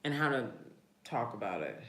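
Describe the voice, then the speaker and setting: A woman's voice: a bass voice, sing-song, moderate pace, roomy sound. A woman hosting a casual live stream, chatting with viewers, reading their comments aloud and laughing often. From family from New Orleans. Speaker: livestream host.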